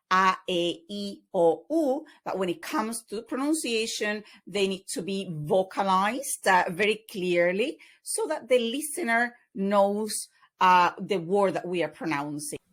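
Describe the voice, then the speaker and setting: A woman teaching an online language lesson over slides, explaining patiently with many fillers. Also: mid-range voice. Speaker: Spanish teacher.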